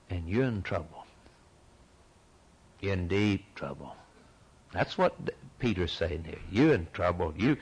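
Male preacher, unhurried, wildly expressive pitch, dramatic sermon delivery with repetition. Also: low-quality recording. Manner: dramatic preaching, swinging from shouts to hushed tones; repeats phrases for emphasis.

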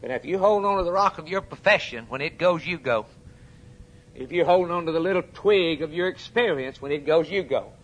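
A man preaching a sermon, swinging between urgent, raised peaks and quiet, low drops, and putting questions straight to his congregation. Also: fairly quick. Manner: addresses the congregation directly with questions.

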